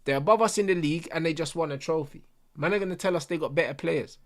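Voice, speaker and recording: Speaking at a quick pace with a fairly high pitch, a young man rants through a football watch-along. He swears freely, uses lots of casual slang, and gets heated as he addresses viewers and his mates.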